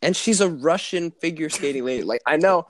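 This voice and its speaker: A young man co-hosting a casual podcast, teasing his friend with quick comebacks. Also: a little high, expressive. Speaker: podcast co-host. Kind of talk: casual chat.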